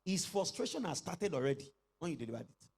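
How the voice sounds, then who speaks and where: A middle-aged man preaching a sermon as pastor, leading the congregation in call-and-response and rising to shouted exclamations. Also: fairly high pitch, sing-song, fast talker, breathy edge.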